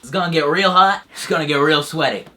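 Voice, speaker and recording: A young man hosting a satirical comedy sketch, crude and sarcastic, switching between flat mock-serious narration and loud bro shouting. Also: on the high side, fast talker, background noise.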